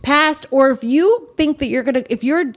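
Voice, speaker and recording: A woman's voice: sits high, moderate pace. A woman guest on a podcast, ranting emphatically in casual chat and swearing. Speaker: guest, comedian.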